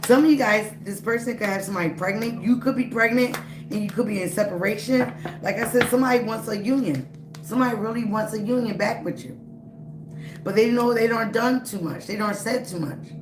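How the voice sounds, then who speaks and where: A woman with a fairly high, brisk voice gives a live-streamed tarot reading over background music. She speaks straight to the viewer, emphatic and repetitive, in a roomy recording with a noisy background.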